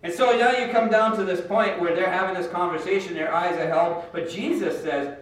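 A man delivers a folksy, conversational sermon in a high voice. He acts out quotes and asides as he tells the story. He stands well back from the mic, and the room rings with heavy echo. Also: fairly even intonation, fairly quick, fairly bright tone. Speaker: preacher. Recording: very echoey room, speaker far from the mic.

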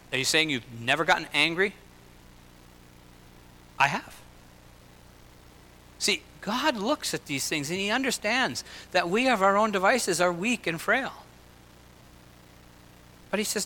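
A man preaching a sermon in an earnest way, slowing and lifting his voice for emphasis and dropping into personal asides. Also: sits high, sharp tone. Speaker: pastor. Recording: long hall reverb.

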